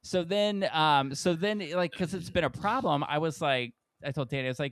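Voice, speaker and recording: Podcast co-host, male, casual and animated storyteller, fairly high voice, dry close-mic sound. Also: normal speed, few pauses, no echo. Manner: animated storyteller, acts out quoted people with big pitch jumps.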